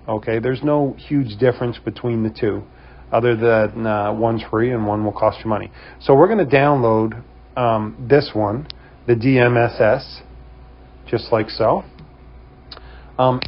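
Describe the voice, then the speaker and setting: A man with a New England accent hosting a casual how-to tutorial, relaxed and full of "um" fillers. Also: medium pitch, dull audio. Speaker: host of a security camera company channel.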